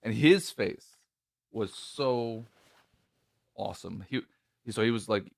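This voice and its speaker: A man's voice: fairly low pitch, slow, gravelly, no echo, studio quality. A male podcast host telling a story in casual chat, nervous and rambling, with many restarts and a voice that cracks.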